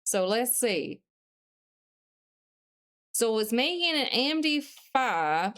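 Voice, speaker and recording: Woman streamer, unhurried, reads chat aloud and answers, smooth clear voice. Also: a little high, sing-song, fairly bright tone. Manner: thinks aloud while studying. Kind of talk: casual live-stream chat.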